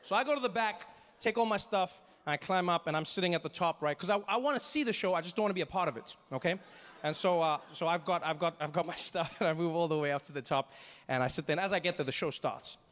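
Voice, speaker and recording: A man's voice: on the high side, fast. A man from South Africa with a South African accent telling a stand-up story, acting out the people in it. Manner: animated, acts out characters, self-deprecating. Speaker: stand-up comedian.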